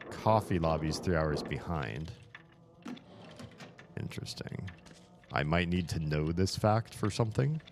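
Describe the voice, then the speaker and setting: A man with a very low, deep voice chatting casually as he plays through a game. His reactions are wry and talkative, and a faint hum of room noise sits behind him. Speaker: streamer playing a game. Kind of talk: casual let's-play commentary.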